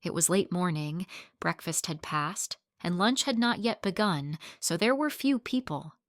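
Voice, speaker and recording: A woman narrating a story in an even, scripted storytelling manner. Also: fairly low pitch, measured pace, no echo, clean studio sound.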